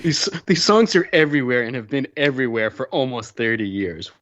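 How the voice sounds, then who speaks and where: A man hosting a casual podcast chat, sardonic, reading out items in a flat way. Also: mid-range voice, fairly quick, dry recording. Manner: sardonic, reads list items flatly. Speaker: podcast host. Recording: dull lo-fi dry sound.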